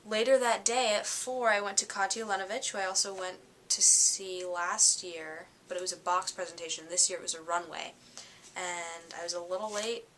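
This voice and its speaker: Chatty, bright-voiced tired young woman. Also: on the low side, moderate pace, slight background noise. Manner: chatty and excitable, lots of fillers. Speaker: fashion vlogger. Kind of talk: casual vlog recap.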